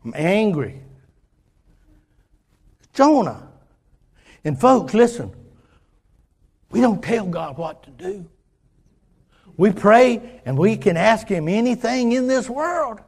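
An older man preaching a folksy sermon, restarting phrases and swinging from quiet asides to louder points. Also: high-pitched, sing-song, slow pace, gravelly, long pauses.

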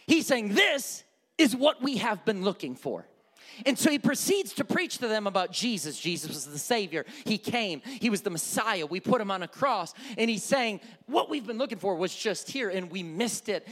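A man preaching a sermon as pastor, animated, acting out quoted prayers and shouts. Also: high voice, in a large hall. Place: church.

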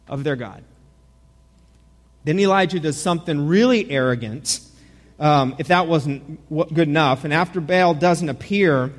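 Casting: male pastor, sermon delivery, high-pitched, lively and joking, recorded with long hall reverb. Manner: animated, joking, many repeated starts.

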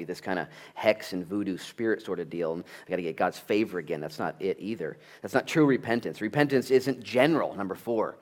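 Pastor, male, slightly low voice, animated sermon storyteller. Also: fast, few pauses. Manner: animated storytelling, acts out family dialogue.

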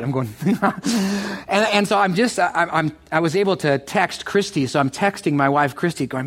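A middle-aged man preaching a sermon as pastor, animated and excitable, often stumbling and repeating words. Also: sits high, normal speed. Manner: animated, builds to excited bursts.

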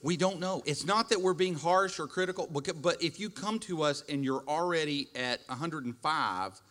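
A man's voice: fairly high pitch, normal speed, fairly bright tone. A man hosting a podcast as a pastor, giving casual marriage advice with jokes and acted-out quotes. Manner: joking, storytelling with acted quotes.

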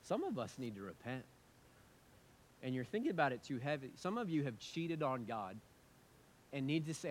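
A man, a pastor, preaching a sermon in a church, earnest and emphatic, swinging from loud urgent passages to quiet prayerful tones. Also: mid-range voice, sing-song, fairly quick, slight background noise. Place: church sanctuary with congregation.

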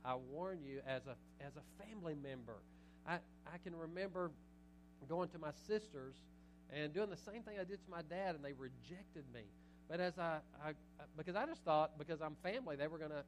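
A middle-aged pastor preaching a sermon, animated, moving between loud urging and quiet asides. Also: male voice, fairly high pitch, moderate pace, a little hiss or hum, rough recording.

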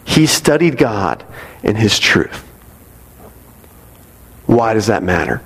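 Gravelly preacher in a reverberant church. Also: male voice, lowish voice, sing-song, slow, fairly bright tone. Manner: conversational, asks the congregation "right?". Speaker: pastor. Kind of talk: sermon. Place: church sanctuary. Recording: long reverb of a large hall.

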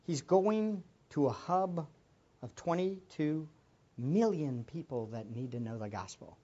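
A preacher giving an impassioned sermon, moving from quiet reflection to loud exclamations and closing in prayer. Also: medium pitch, lively intonation, measured pace, highs cut off. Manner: ends in prayer.

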